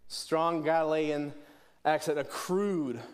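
A man's voice: fairly high pitch, steady tone, slow. A middle-aged man from Pittsburgh preaching a sermon earnestly, often restarting phrases and posing questions to the congregation. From Pittsburgh, USA. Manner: earnest, repeats words and restarts phrases, asks rhetorical questions. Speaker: pastor.

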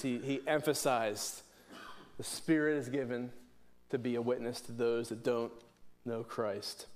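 Earnest man preaching a sermon. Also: medium pitch. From Pittsburgh, USA. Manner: earnest, repeats words and restarts phrases, asks rhetorical questions. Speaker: pastor.

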